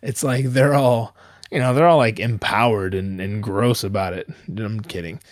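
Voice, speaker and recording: A man's voice: on the low side, moderate pace, dry recording, studio quality. A young man casually telling a story, swearing freely and often restarting his sentences. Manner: profane, animated, many restarts.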